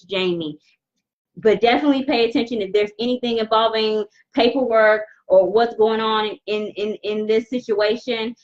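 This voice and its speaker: A woman hosting a live intuitive tarot reading, talking straight to viewers in an earnest, halting way full of restarts. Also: mid-range voice, muffled recording. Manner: halting, repetitive, with many restarts; earnest, addresses viewers directly. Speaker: tarot reader and host.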